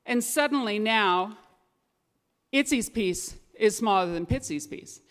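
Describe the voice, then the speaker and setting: A woman narrating a children's story at a family service, lively and animated. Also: medium pitch, measured pace. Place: synagogue sanctuary. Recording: echoey hall with long reverb.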